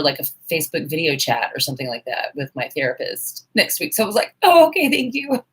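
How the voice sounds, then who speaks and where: A woman's voice: low voice, a bit bright, breathy edge, low-quality recording. A woman in her forties, hosting a casual live stream at home, chatting with viewers and joking at herself while she sews. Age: 40s. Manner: chatty, self-mocking, talks to viewers while working. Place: home sewing room, indoors, fan running.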